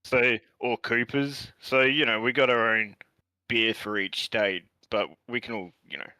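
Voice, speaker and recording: An Australian man, a guest on a stream, chatting in a relaxed, rambling way on a voice call. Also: medium pitch, a little slow, smooth, dry recording. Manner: relaxed, rambling, hesitant with many fillers. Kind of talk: casual gaming chat. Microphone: voice chat call.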